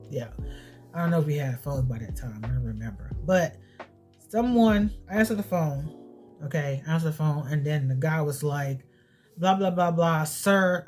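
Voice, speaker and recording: Low-voiced woman, blunt vlog chat. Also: a little mellow. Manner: blunt, swears freely, repeats herself. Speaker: beauty and family vlogger.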